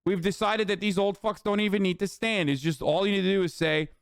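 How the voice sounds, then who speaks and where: A man's voice: high-pitched, steady tone, fairly quick, vocal fry, clean tone, no echo, clean studio sound. A man in his thirties ranting angrily about politics on a live stream, cursing and sarcastic, reading chat messages aloud. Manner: profane, heated, sarcastic, reads chat aloud. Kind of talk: angry political rant on stream.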